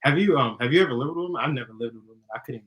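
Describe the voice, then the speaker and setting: A young man chatting casually, giving dating advice, who talks fast and giggles and laughs often. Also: mid-range voice, fairly bright tone, rough recording. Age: young adult. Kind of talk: casual chat.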